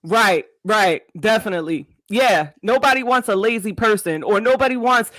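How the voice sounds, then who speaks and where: A woman's voice: medium pitch, moderate pace, a bit bright, dry recording, rough recording. A woman hosting a podcast, chatting casually in slang, laughing often and reading out multiple-choice questions to her guest. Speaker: podcast host. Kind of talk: casual interview chat.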